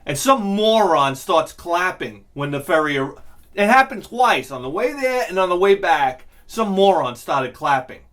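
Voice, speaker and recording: A man's voice: high voice, a little slow. A middle-aged man, telling a profane, exasperated story as a vlog host. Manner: profane, exasperated, animated ranting. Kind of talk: ranting comedic storytelling.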